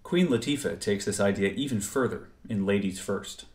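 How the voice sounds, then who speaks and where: Guy with a lowish voice explaining music theory, careful and precise, echoey room. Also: heavy background noise. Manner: measured, precise explanatory delivery. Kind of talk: scripted educational narration. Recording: roomy echo.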